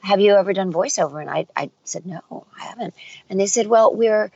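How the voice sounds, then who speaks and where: A woman's voice: mid-range voice, a little fast, creaky, no room sound, dull audio. A middle-aged woman voice actor and dialect coach telling stories in a casual interview, acting out the voices she quotes. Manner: animated storyteller, acts out quoted voices.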